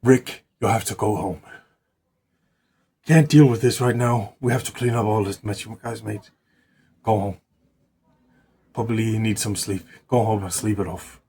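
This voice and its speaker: A man's voice: on the low side, fairly even intonation, a little slow, pauses often, mellow, breathy edge. A man voicing an irate father who scolds two stoned young men in an improvised spoken story. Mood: angry. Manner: angry, exasperated scolding.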